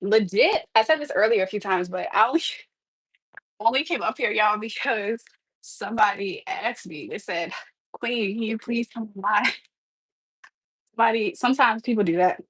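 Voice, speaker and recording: A woman's voice: mid-range voice, lively intonation, moderate pace, pauses often, fairly bright tone, slightly rough, no room sound, poor audio. Chatty woman livestreaming from her kitchen, dry sound. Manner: chatty, laughs often, addresses viewers as "y'all". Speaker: livestream host. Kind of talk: casual livestream chat. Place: home kitchen.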